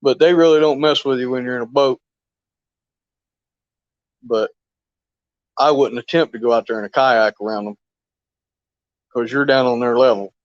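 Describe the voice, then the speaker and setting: A man chatting on a fishing live stream in a loose, folksy ramble, chuckling as he goes. His voice sits at an ordinary pitch. It comes through dull and lo-fi, with a dry, close sound. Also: steady tone, moderate pace, long pauses, no echo. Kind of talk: casual live stream chat.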